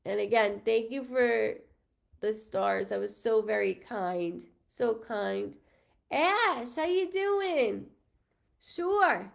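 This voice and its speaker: A woman's voice: a little high, animated, slow pace, creaky. A woman medium doing live readings, chatting casually with viewers, thanking them by name with lots of ums and the odd swear word. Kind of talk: casual livestream chat with viewers.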